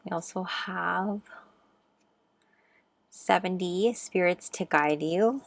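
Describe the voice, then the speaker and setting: A young woman doing a pick-a-card tarot reading, speaking gently and encouragingly with frequent ums. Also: on the low side, takes it slowly, creaky. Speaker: tarot reader.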